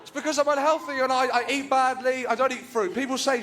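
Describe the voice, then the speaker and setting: A man's voice: extremely high pitch, steady tone, fast talker, hardly any pauses. A stand-up comedian with a nasal voice, performing his routine on a club stage. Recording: live club recording, loud crowd laughter and noise.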